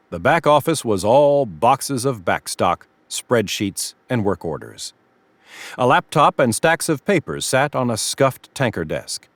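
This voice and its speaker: A man reading scripted narration for a story with expressive delivery. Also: medium pitch, unhurried, no room sound, soft background music.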